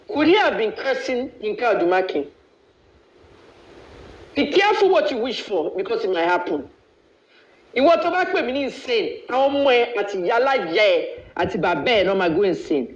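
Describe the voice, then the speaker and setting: A man from Nigeria hosting a live video, ranting in a blunt, boastful way and switching freely between languages. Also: high voice. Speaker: live-stream host. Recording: echoey, dull live-stream audio.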